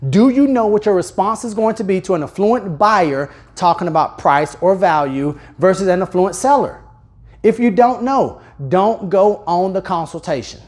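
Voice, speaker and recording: Energetic man teaching a live seminar. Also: high voice. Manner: energetic, speeds up and slows down, louder and softer on purpose; addresses the audience directly with questions. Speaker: real estate sales trainer. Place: training room with a live audience.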